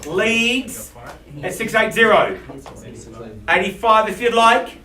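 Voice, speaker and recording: A man calling bids in a live auction, with quick, playful patter for the bidders. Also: high-pitched, bright, forceful tone. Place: auction room. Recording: echoey room from far off.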